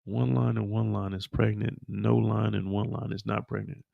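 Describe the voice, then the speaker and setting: A man casually recapping a TV episode, animated and profane, acting out the characters' lines as he goes. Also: fairly low pitch, moderate pace, creaky, phone-quality sound. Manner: animated, profane storytelling with acted-out quotes. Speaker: show recap host.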